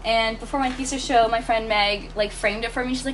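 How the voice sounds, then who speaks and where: A young woman in her twenties telling a story in an interview, talking fast and animatedly and laughing often. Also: on the high side, fairly even intonation, a little hiss or hum. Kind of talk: casual storytelling.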